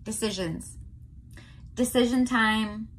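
A young woman from California, her voice a little high, gives her viewers a casual tarot reading. She's chatty and keeps checking in with a quick "okay?"

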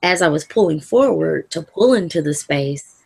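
A woman with a very low voice and a gravelly, creaky texture recounts her own experience in an interview. She speaks calmly and in measured phrases, with the odd soft laugh. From Louisville area, Kentucky. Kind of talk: personal account in an interview.

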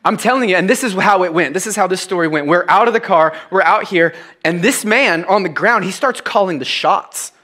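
Middle-aged man, pastor giving a sermon: bright, slightly high voice, animated storytelling with hushed confessional moments. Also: a little fast, few pauses.

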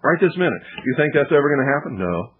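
A man's voice: mid-range voice, very animated, fast talker, breathy edge. A man hosting political talk radio, lecturing indignantly and firing off rhetorical questions. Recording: tinny lo-fi archived radio broadcast.

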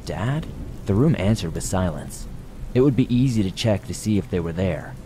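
Deep-voiced man narrating horror. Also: expressive, a little fast, mellow, slight background noise.

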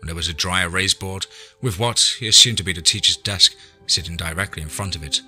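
A man narrating an audiobook story in a measured, scripted way. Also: sits low, bright, forceful tone, faint music behind.

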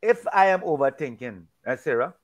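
A man's voice: mid-range voice, expressive, normal speed. A man in a casual Bible discussion, talking emphatically and preachily, often repeating and restarting his words.

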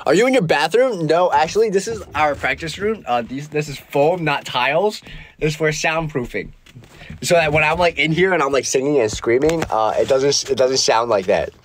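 A man's voice: a little high, expressive, normal speed, slight background noise. A man hosting a casual livestream, reading comments aloud and rambling with many fillers, from a small foam-lined practice room. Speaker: livestream host. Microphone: phone livestream.

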